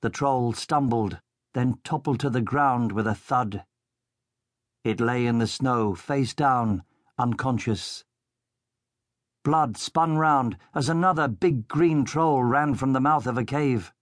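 A man reads a children's adventure story in a steady, measured way, taking his time over each line. His mid-range voice sits close and dry on the microphone, with no room around it. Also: mid-range voice, no room sound. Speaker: audiobook narrator. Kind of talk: scripted children's audiobook narration.

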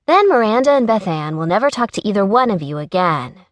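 A woman's voice: medium pitch, big pitch swings, brisk, dry recording, pitched above the performer's own voice, close to an everyday voice. A woman voicing a cheerful, sassy young woman who teases her coworkers in an audiobook. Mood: cheerful teasing. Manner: bright, teasing, upbeat.

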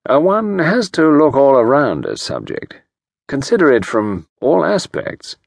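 A man voicing a pleasant, quiet, non-committal older gentleman who speaks in measured, hesitant phrases. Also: medium pitch, wildly swooping pitch, gravelly, dry recording, voice pushed up, exaggerated voice. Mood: evasive. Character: calm male advisor, pleasant and non-committal.

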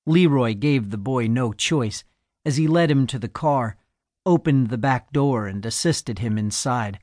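A man's voice: mid-range voice, animated, unhurried, darkish tone, no room sound. Man narrating an audiobook, dry close sound. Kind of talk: scripted narration.

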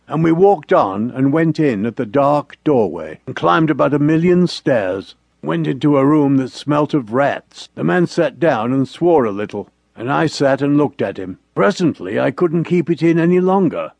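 A man's voice: fairly high pitch, lively intonation, normal speed, creaky, few pauses, darkish tone, dry recording. A man narrating an audiobook story in the first person as a cheerful, friendly dog.

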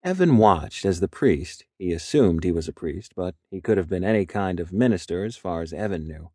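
Low-voiced man narrating an audiobook. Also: lively intonation, moderate pace, warm tone, no room sound, studio quality. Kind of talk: scripted narration.

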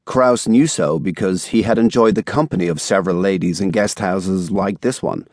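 Low-voiced man narrating an audiobook. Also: normal speed, darkish tone, dry recording, clean studio sound. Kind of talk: scripted narration. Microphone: studio microphone.

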